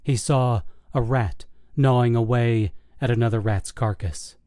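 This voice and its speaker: Brief: male audiobook narrator, dark mellow tone, dry close recording, steady delivery. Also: mid-range voice, no echo. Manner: steady, measured storytelling. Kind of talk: scripted horror audiobook narration.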